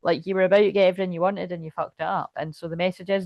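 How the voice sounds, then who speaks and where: Excitable, foul-mouthed woman reading tarot. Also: on the low side, racing, no room sound, dull audio. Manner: chatty, excitable, swears freely, thinks aloud. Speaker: tarot reader. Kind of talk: casual tarot reading to camera.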